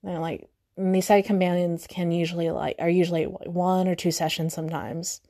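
A woman's voice: lowish voice, level tone, moderate pace, dark tone. A young woman hosting a podcast on her own, chatting casually and rambling with many fillers and self-corrections. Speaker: podcast host. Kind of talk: casual solo chat.

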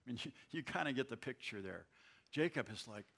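A man's voice: mid-range voice, lively intonation, a little fast, creaky, fairly bright tone. A man teaching verse by verse through a scripture passage, reading and then explaining in a conversational way, often restarting his words. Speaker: Bible teacher. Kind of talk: verse-by-verse sermon.

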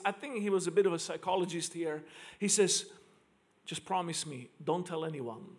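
A man's voice: sits high, fairly bright tone. A man preaching a sermon to a congregation, emphatic and repeating key lines for stress. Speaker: pastor. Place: church service in front of a congregation.

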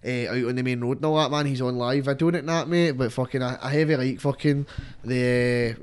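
A man's voice: mid-range voice, fairly even intonation, smooth. A man with a Scottish accent in casual podcast chat, swearing constantly and packing his talk with fillers. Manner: rapid, sweary, full of fillers. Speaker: podcast host.

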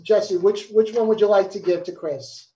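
A man's voice: high voice, normal speed, warm tone. Joking male quiz host, lo-fi sound. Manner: playful, swears and laughs, stumbles over answers. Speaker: game host. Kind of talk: casual game-show hosting.

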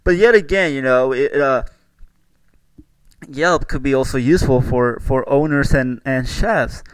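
A man's voice: mid-range voice, steady tone, unhurried, no echo, poor audio. Profane ranting man, dry close sound. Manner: profane, exasperated, lots of fillers. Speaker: podcast host. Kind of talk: casual rant.

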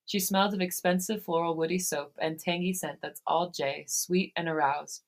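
Woman podcast host, lowish voice, reads fan fiction aloud, steady delivery. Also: normal speed. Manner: reads steadily, breaks into laughter.

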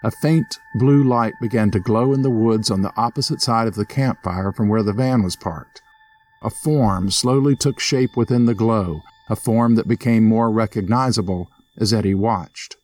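A man narrating a scripted ghost story in a steady storytelling manner. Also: moderate pace. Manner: steady storyteller, voices characters with lifted pitch. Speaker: narrator and host.

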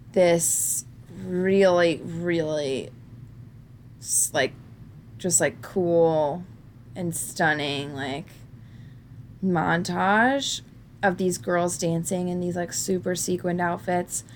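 A woman's voice: lowish voice, slight background noise. A woman co-hosting a podcast, chatting candidly and jokingly about a film and laughing often. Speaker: podcast co-host.

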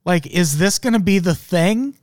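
A sarcastic, foul-mouthed man hosts a comedy podcast, his voice sitting a touch high. He laughs through his own jokes. The sound is dry and close, with no room around him. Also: expressive, moderate pace, dry recording. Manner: profane, sarcastic, laughing often. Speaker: podcast host. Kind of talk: casual comedic news chat.

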